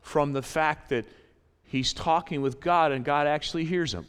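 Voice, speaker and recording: Guy preaching in a church, smooth ringing voice, repeats stuff, echo off the hall. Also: mid-range voice, a little slow. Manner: animated, repeats phrases, acts out voices in quotes. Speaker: pastor. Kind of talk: sermon. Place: church sanctuary.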